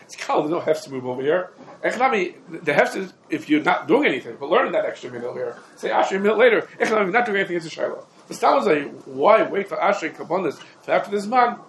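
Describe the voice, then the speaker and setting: Fast, emphatic man teaching a class. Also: high-pitched, sing-song, a bit bright, a little hiss or hum, low-quality recording. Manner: quick, emphatic, dense with Hebrew and Aramaic legal terms. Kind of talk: rapid halachic lecture.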